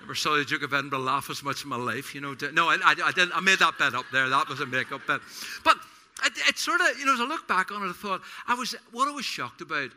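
Male pastor in a church service; lively, self-deprecating storyteller with a sharp, bright tone. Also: on the high side, fast talker. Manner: animated, self-deprecating storyteller, repeats words and restarts. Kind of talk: sermon with personal anecdotes.

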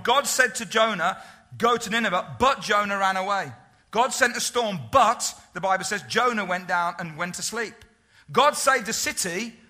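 A male pastor preaching a sermon, emphatic and lively, asking the congregation rhetorical questions. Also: sits high.

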